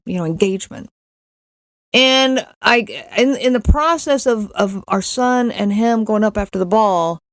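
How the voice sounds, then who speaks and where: A middle-aged woman with a medium-pitched voice hosts a podcast, earnestly recounting a personal story. She often repeats words and acts out what others said. The recording is studio quality with no room sound.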